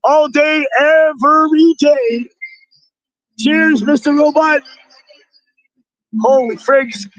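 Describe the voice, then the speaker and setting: A man live-streaming outdoors at a rally, excitably shouting thanks to donors with a strained voice. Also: extremely high pitch, extremely slow, pauses often, no room sound, muffled recording. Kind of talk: excited live-stream chatter reading donations.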